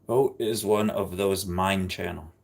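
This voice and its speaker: A man hosting a livestream, chatting casually with viewers and reading their comments out loud. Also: low-pitched, steady tone, a little slow, creaky. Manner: chatty, rambling, ranting. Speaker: livestream host.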